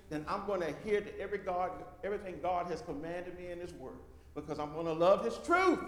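High-voiced preacher in an echoey hall. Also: male voice. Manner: swings between loud emphatic and hushed. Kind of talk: sermon. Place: church hall with congregation.

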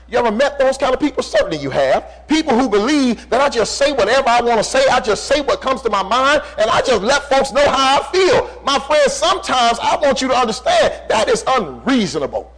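A man preaching a sermon, swinging from loud emphasis to hushed lines and slowing down to stress repeated phrases. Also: extremely high pitch, low-quality recording. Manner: preaching with dramatic swings in volume and slow, drawn-out emphasis.

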